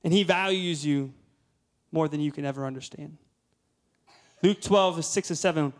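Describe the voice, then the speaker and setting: Male guest preacher, thirties, slightly high voice; storytelling sermon that swells to loud peaks. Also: normal speed, pauses often. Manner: storytelling, rising to emphatic peaks.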